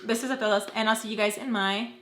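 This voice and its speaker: A young adult woman vlogger telling a dramatic story in an animated, slangy way. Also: mid-range voice, fast, roomy sound. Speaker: beauty vlogger. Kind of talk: storytime vlog.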